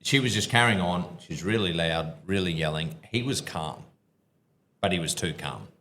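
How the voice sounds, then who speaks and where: A man's voice: low voice, lively intonation, normal speed, pushed and bright, reverberant, a little hiss or hum. A man, a former police officer and podcast co-host, telling stories at a live show with a rambling, restarting manner. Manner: rambling, restarts, drops into quoted voices. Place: pub venue with live audience.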